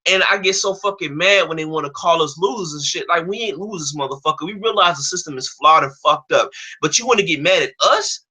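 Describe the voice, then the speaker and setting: A young American man ranting on a stream, his voice pitched high and pushed hard, with a tense, sharp edge. He is heated and profane, and stumbles back over his own words as he keeps going. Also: a little fast, slightly rough. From United States. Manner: heated, profane, repeats and restarts phrases. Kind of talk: angry ranting monologue.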